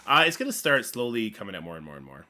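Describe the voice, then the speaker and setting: A man hosting a casual gaming livestream, rambling playfully with sudden loud bursts and mumbled asides. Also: fairly low pitch, big pitch swings, fast talker.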